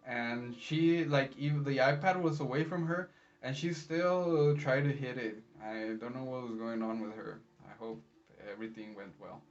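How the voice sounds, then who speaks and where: A man's voice: mid-range voice, moderate pace, distant mic, dull audio. A man working as a medical interpreter, recapping his workday in a rambling, chatty way with many fillers. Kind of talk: casual vlog recap.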